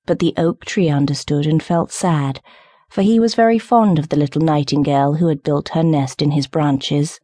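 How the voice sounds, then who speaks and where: Calm woman reading a storybook. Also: sits low, normal speed, no room sound, studio quality. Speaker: audiobook narrator. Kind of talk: scripted storybook narration.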